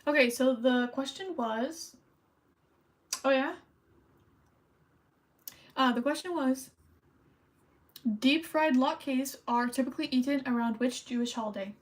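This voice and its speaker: A young woman chats casually on a stream as she decorates holiday cards. Her voice sits a little high, and she rambles and thinks aloud while she colors at her desk. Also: unhurried, long pauses. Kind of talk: casual chat while crafting.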